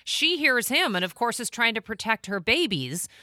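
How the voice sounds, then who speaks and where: A woman co-hosting a morning radio show, walking through local news in a brisk, plain, conversational way. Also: a little high, very animated, pushed and bright, no echo, clean studio sound. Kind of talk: casual morning show banter and news chat. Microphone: studio mic.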